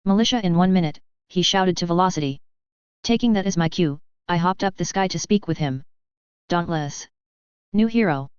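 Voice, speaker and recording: A woman reading a first-person fan fiction story aloud in a steady narrating voice. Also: on the low side, clear, resonant tone, no echo. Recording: dull lo-fi dry recording.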